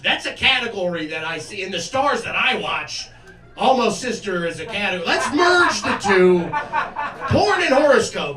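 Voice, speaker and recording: A man in his twenties does a stand-up set, jovial, crude and self-mocking. His voice runs high and lively. The sound is roomy and distant, with a crowd laughing loudly behind him. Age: 20s. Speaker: stand-up comedian. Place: comedy club stage.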